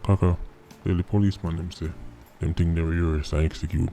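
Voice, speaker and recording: A man's voice: sits low, fairly even intonation, fairly quick, dark tone. A man with a Jamaican accent hosting a political commentary vlog, sardonic and mocking, firing off rhetorical questions. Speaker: vlog host. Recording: faint background music.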